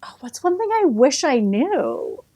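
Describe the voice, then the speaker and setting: A woman's voice: high voice, big pitch swings, measured pace, mellow, no room sound. A middle-aged woman with a Boston accent, a literary agent chatting in an interview, laughing easily and restarting her sentences often. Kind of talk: casual interview chat.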